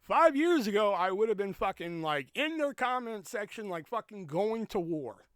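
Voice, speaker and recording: A young man hosting a podcast, telling a story as a profane, ranting monologue and jumping up in pitch when he quotes himself. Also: normal speed, clean tone, no echo, clean studio sound. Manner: animated, jumps high when quoting himself. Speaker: podcast host. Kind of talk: casual monologue.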